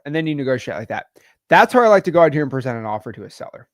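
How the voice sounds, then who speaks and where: A man's voice: mid-range voice, very animated, rapid-fire, dry recording, clean studio sound. A man hosting a live-stream lesson on real estate deals, talking in a casual, slangy way and acting out calls with sellers. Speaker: real estate wholesaling coach and host. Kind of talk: live-stream teaching session.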